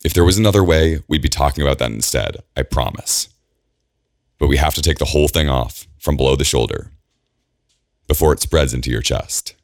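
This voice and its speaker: A man voicing a calm woman doctor who talks quickly and matter-of-factly. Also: extremely low pitch, no echo, studio quality. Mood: gently clinical. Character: brisk calm female doctor.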